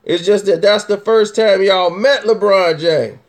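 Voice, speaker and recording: Emphatic male host, slightly high voice. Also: unhurried. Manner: emphatic, repetitive, teasing. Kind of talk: casual opinion commentary.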